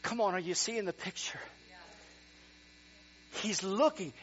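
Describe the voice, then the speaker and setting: A middle-aged male pastor preaching a sermon, animated, swinging from quiet talk to excited near-shouting. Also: high voice, unhurried, husky. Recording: dull lo-fi sound with mains hum.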